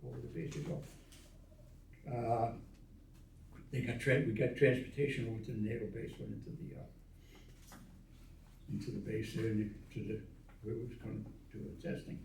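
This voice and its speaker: A man's voice: medium pitch, a little hiss or hum. Older man, veteran interviewee, casual storytelling, acts out quoted lines, echoey room, distant mic. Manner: animated yarn-spinner who acts out quoted dialogue with chuckles. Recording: roomy echo, voice from a distance of the mic.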